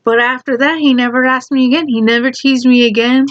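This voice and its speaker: A woman telling a story from her school days in a casual, rambling way, repeating herself and adding animated asides. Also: sits high, fairly quick, lo-fi sound. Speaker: storyteller vlogger.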